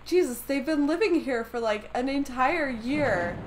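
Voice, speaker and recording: A woman's voice: sits high, animated, measured pace, a little hiss or hum, low-quality recording. A woman doing let's play commentary on a story game, swearing a lot and ranting in exasperation. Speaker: gamer playing a story game.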